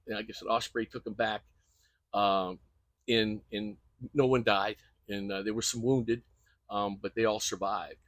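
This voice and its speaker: Older man, husky earnest coach. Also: medium pitch, fairly bright tone, no room sound. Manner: earnest, emphatic storytelling with repeated phrases. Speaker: guest coach. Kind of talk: conversational interview.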